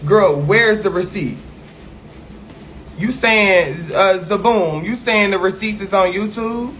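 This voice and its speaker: A man with a high voice rants on a livestream, brash, sassy and full of swearing. He talks straight to his viewers and his critics. A faint hiss sits under the audio. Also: slow, a bit bright. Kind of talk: ranting livestream.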